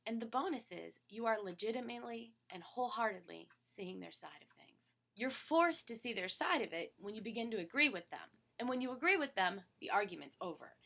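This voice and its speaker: A woman stress therapist teaching to camera in a voice of middling pitch. She talks with lively energy and keeps dropping her voice to a hushed near-whisper to show a point. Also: gravelly. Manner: animated, drops to soft near-whispers to demonstrate. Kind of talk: instructional talk to camera.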